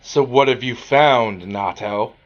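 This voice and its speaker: A man voicing a big red robot who quietly questions a smaller robot. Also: medium pitch, slow, highs cut off, lightly acted. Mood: demanding.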